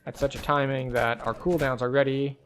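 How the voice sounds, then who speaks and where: A man's voice: medium pitch, steady tone, a little fast. A man streaming a game, giving casual, chatty and analytic commentary with frequent likes.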